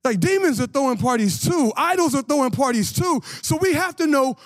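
In a lively, conversational sermon, a pastor in his forties gets slangy and animated, throwing questions out to the congregation. His voice is very high-pitched and brisk, with no room sound in the recording.

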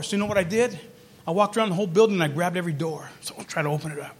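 A man preaching as pastor, telling his story quietly, then building to loud, fervent calls. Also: high voice, rapid-fire, breathy edge. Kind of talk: sermon.

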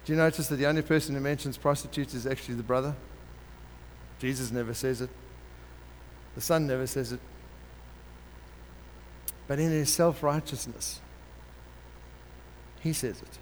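A man preaching a sermon, telling a parable in an animated way and acting out the characters. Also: mid-range voice, normal speed, pauses often. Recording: long hall reverb with faint background noise.

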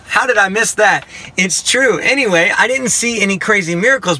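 A man giving a personal Christian testimony, telling it in a lively way, acting out the dialogue and adding self-mocking jokes. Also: high-pitched. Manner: humorous, self-mocking asides. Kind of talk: storytelling testimony to a listener.

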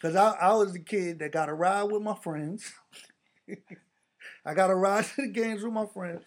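High-voiced New man telling stories. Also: measured pace. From the Bronx, New York. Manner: animated, laughing storytelling, acting out people he quotes. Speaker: storyteller in a casual conversation. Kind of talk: casual chat.

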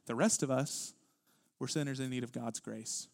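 A man preaching a sermon as pastor, reading scripture with deliberate weight and growing louder when he stresses a point. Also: mid-range voice, steady tone, creaky.

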